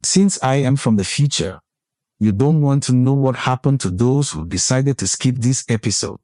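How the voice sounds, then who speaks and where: A man gives a scripted comic intro to a podcast in a teasing, mock-menacing way. His voice sits in an ordinary middle pitch. The recording is dry and close. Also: moderate pace, darkish tone, dry recording. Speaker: show intro announcer.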